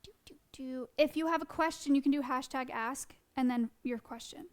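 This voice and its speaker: A woman wildlife educator talking fast, with many fillers, in a casual live-stream presentation. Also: high voice.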